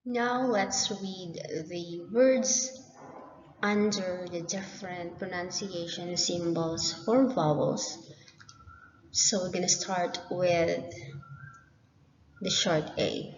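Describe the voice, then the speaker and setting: A woman teaching a phonics lesson, drawing out each example word slowly and carefully. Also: lowish voice, steady tone, a little hiss or hum. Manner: slow and deliberate, drawing out example words. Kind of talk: slow classroom phonics lesson. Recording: dull lo-fi recording.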